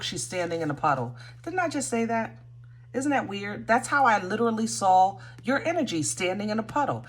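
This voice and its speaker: A woman's voice: low-pitched, fairly bright tone. A woman giving a casual tarot reading, thinking aloud with many fillers and restarts. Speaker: tarot reader.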